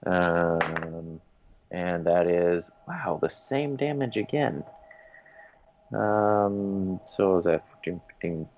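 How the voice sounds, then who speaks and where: Tabletop game player: a man with a very deep voice and a hesitant manner, recorded on a dull, lo-fi mic. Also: lively intonation, slow pace, a little mellow. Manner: hesitant, full of ums while tallying dice. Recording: dull lo-fi mic with faint noise.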